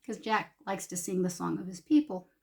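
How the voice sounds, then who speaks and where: A woman's voice: fairly low pitch, brisk, gravelly, a little mellow. A woman beauty vlogger telling a story in a casual, salty way while doing her makeup in her home makeup room, laughing often and putting on voices for the people she quotes.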